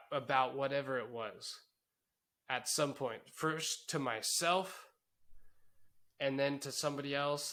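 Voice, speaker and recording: A man's voice: mid-range voice, bright, forceful tone. A man co-hosting a podcast, speaking candidly and reflectively in casual chat, with some swearing. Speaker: podcast co-host.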